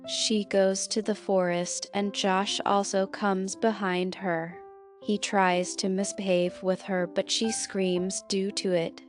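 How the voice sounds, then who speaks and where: A woman reading a scripted film recap narration in a slow, measured way, walking through plot events and quoted lines. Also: medium pitch, little pitch movement, faint music behind.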